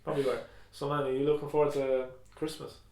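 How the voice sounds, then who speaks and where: A man's voice: medium pitch, flat delivery, fast, a little mellow. A man co-hosting a podcast in casual chat, talking loosely and swearing now and then. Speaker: podcast co-host. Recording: echoey room, faint noise.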